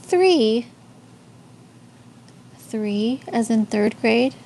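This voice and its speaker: Slow-talking Tex-Mex woman streamer. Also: fairly high pitch, lively intonation, creaky, warm tone, a little hiss or hum. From San Antonio, Texas. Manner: chatty, answers chat comments, frequent ums and restarts. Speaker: live-stream host. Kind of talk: casual faith talk to live viewers.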